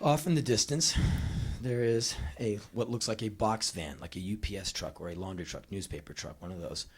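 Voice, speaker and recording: A man in his twenties from the United States telling a profane story live on stage, jumping into shouted impressions. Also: fairly low pitch, brisk, a little hiss or hum. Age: 20s. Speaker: spoken word performer. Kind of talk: live spoken word storytelling. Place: small live music venue.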